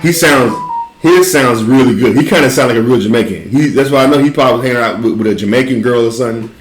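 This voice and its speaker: A man talks casually at a middle pitch, rambling through a story with many restarts and false starts. His voice rings in a roomy, echoey space. The pace is easy and conversational. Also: quick pace, faint music behind. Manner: loose rambling storytelling with frequent restarts and laughter. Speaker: podcast host. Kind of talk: casual chat. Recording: roomy echo.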